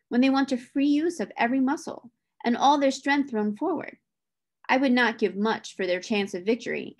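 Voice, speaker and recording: A woman reading the lines of a stern, principled gentleman who reproves others over the cruel treatment of horses. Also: a little high. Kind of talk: reading a novel aloud.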